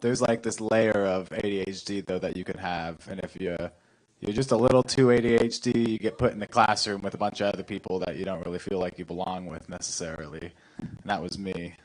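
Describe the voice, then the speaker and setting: A man's voice: low-pitched, fairly even intonation, a little fast, rough recording. A young man hosting a comedy night, laid-back and chatty, laughing easily between lines. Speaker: comedy show host. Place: comedy club stage.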